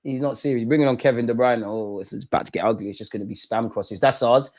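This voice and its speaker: A young man hosting a live football watch-along, reacting with slangy banter that swings from loud shouting to low muttering. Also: steady tone, fast. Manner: slangy banter, swears at the screen. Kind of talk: live match reaction commentary.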